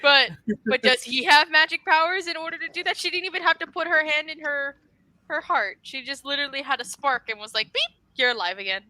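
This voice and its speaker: A woman co-hosting a casual podcast, talking with animated emphasis and a bit of swearing. Her voice is bright and sits a little high, and the sound is close and dry. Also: fairly quick, no room sound, rough recording. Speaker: podcast co-host. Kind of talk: casual chat.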